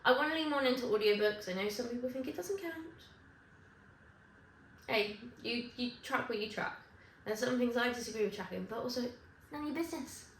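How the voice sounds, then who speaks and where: A woman vlogging to camera in casual chat, rambling and correcting herself with quick asides. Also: fairly high pitch, a little hiss or hum. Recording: echoey room with faint ambience.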